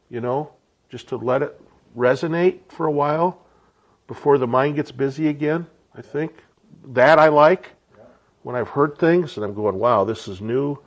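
Husky man teaching an informal sermon. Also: on the high side. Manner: conversational, keeps asking rhetorical questions. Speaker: Bible teacher.

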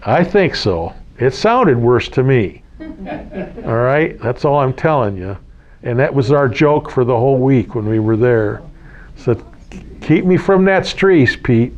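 Man, mid pitch, casual spiritual teaching, repeats key lines, slightly muffled recording. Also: animated, measured pace, darkish tone. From United States. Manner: conversational, repeats key phrases, asks listeners questions. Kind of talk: casual spiritual talk to a small group.

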